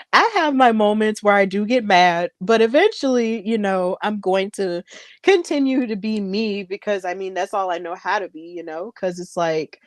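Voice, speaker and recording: A woman's voice: medium pitch, dry recording. A woman co-host talking casually and gratefully as she wraps up a wrestling talk show, close to tears. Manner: warm, grateful, near tears. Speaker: podcast co-host. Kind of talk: casual show wrap-up chat.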